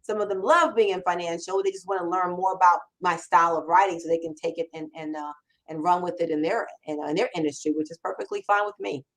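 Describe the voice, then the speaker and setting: A woman's voice: lowish voice, fairly even intonation, fast talker, poor audio. A woman copywriting mentor hosting a live Q&A, talking in an emphatic, conversational way with frequent restarts. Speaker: copywriting mentor and show host. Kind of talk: live Q&A chat.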